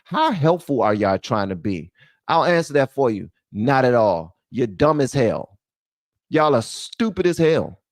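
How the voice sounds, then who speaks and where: A male host of a solo commentary show who rants bluntly and profanely. His pitch swings widely, and the sound is dry and close, with no room echo. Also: very animated, measured pace. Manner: blunt, profane ranting, calling out viewers.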